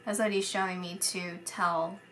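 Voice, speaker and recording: A woman's voice: lowish voice, flat delivery, normal speed, fairly bright tone, slight background noise. A woman psychic medium giving a casual spoken reading, rambling and hesitant with many fillers.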